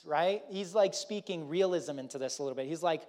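A man preaching a sermon as pastor, in a conversational and animated way that keeps checking in with the congregation. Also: fairly high pitch, brisk, few pauses. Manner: conversational, animated, often asks "right?". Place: church.

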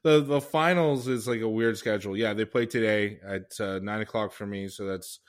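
A man's voice: fairly low pitch, fairly even intonation, moderate pace. A man cohosting a podcast, rambling with many fillers in casual chat. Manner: rambling, hesitant, full of fillers.

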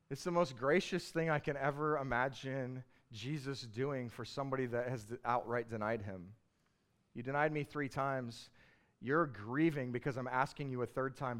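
A man's voice: medium pitch, fairly bright tone. A man preaching a sermon, retelling a Bible passage in a casual, storytelling way and building to passionate emphasis. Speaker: pastor.

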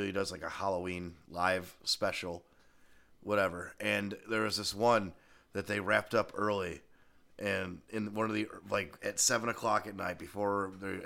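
A man co-hosts a casual podcast and tells an anecdote with swearing mixed in. His voice is low and gravelly, with a bright, forward edge. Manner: animated anecdote-telling with crude asides. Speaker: podcast co-host.

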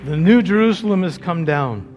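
A man preaching to a church congregation in a fervent sermon, his voice pitched a little high. He stretches key phrases out slowly, then builds to ringing calls. Soft music plays faintly behind him. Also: expressive, dull audio. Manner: fervent preaching, slowing to drawn-out phrases and rising to loud calls. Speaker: pastor. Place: church sanctuary before a congregation.

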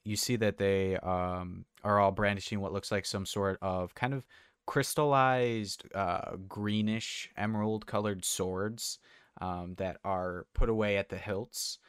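A man narrating a tabletop game as game master, halting and full of fillers. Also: on the low side, steady tone, smooth, dry recording, clean studio sound.

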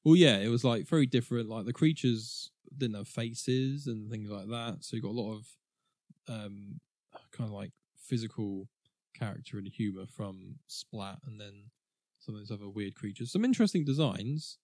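A man's voice: fairly low pitch, moderate pace, a little mellow, dry recording, clean studio sound. A man co-hosting a podcast, chatting casually and rambling about a film, laughing often. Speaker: podcast co-host. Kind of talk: casual film review chat.

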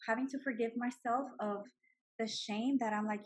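High-pitched woman in her 40s telling her story, animated, laughs a lot. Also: a little fast. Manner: emotional, animated, laughs often. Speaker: guest sharing her story. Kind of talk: personal testimony.

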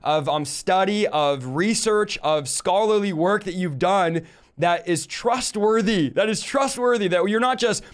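A man's voice: sits high, a little slow, clean tone. A young man hosting a livestream, talking with enthusiasm and speaking straight to his viewers. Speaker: host. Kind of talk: casual livestream talk.

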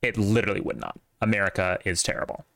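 A man's voice: deep voice, animated, fast, gravelly, fairly bright tone. A man co-hosting a casual podcast chat, opinionated and rambling, with plenty of fillers. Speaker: podcast co-host.

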